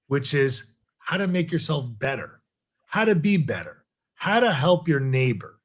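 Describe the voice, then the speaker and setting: A man co-hosting a political talk show, giving deliberate commentary built from long lists of points. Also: mid-range voice, fairly bright tone. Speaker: podcast co-host.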